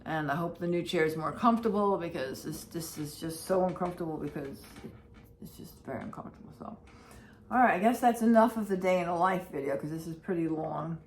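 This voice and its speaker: A woman with a lowish, slightly quick voice rambles through a casual day-in-the-life vlog at home, repeating herself in an anxious, emotional way. She's a vlogger and pet owner, recorded in a roomy space with faint background noise.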